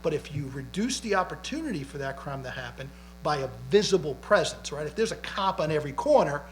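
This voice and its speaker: A man's voice: a little high, lively intonation, a little fast, a little hiss or hum, rough recording. A middle-aged man, a police chief, telling stories and explaining at a public library talk, often tagging lines with "right?". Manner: chatty, tags lines with "right?". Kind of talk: public panel talk, storytelling. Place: library community event.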